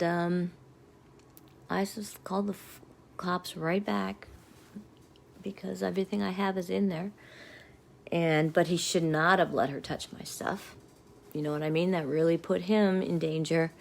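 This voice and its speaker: A middle-aged woman rants to her viewers in a low, gravelly voice. She is angry and rambling, and she keeps sinking into muttered whispers. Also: a little slow, pauses often. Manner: rambling and agitated, often dropping to a muttered whisper. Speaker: vlogger. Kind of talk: angry personal rant to viewers.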